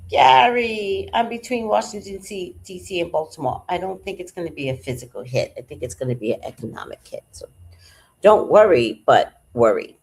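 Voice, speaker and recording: A woman hosting a livestream in casual chat, telling stories in an animated, profane way and answering viewers. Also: fairly low pitch, normal speed, vocal fry, breathy edge. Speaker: livestream host reading chat.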